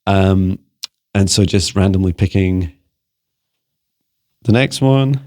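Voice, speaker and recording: A man's voice: low-pitched, slow, a little mellow. A man from Scotland, a psychic mentor, answering viewer questions in a rambling casual monologue full of restarts. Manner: rambling, many restarts and fillers; playful beeping noises.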